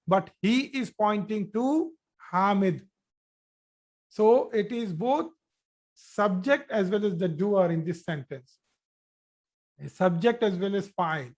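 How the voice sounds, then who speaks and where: Slow, patient male Arabic teacher. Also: high-pitched. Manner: slow, repeats and restarts phrases while explaining; addresses students directly. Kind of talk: online class explanation.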